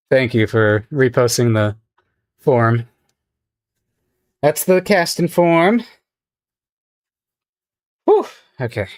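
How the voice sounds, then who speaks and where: A man's voice: medium pitch, expressive, very slow, long pauses, dry recording. Rambling chatty man streaming. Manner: rambling, chatty, laughs often. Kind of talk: casual livestream chat while drawing.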